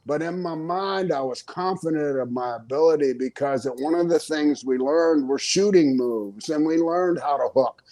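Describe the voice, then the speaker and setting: An older man tells stories as an interview guest, in a fairly high voice that stays lively. He chuckles often and briefly takes on the voices of the people he quotes. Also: moderate pace, few pauses. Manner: animated storyteller, chuckles often, acts out quotes. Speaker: interview guest, retired pro wrestler. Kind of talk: casual storytelling interview.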